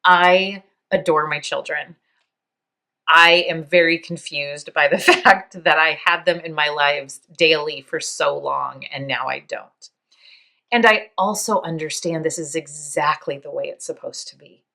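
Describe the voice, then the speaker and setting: A woman's voice: sits low, creaky. Tearful, reflective woman in her fifties. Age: 50s. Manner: soft, halting, near tears, with small laughs. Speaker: podcast host. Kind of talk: reflective personal monologue.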